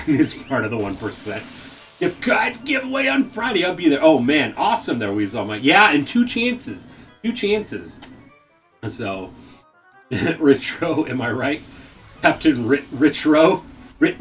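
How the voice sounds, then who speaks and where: A male streamer chats loosely with his viewers while he plays, breaking into frequent laughs and excitable "oh my gosh"s. His pitch swings widely from low mutters to high yelps. He sits somewhat back from the microphone, with faint game music underneath. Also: far from the mic. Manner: laughs often, excitable exclamations. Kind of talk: casual live-stream chat reading viewer messages.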